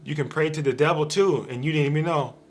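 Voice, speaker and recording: A man's voice: a little high, fast talker. A man giving an informal spiritual teaching on a live stream from a room at home, repetitive and emphatic, speaking straight to his viewers. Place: home room with a dog bed in the corner.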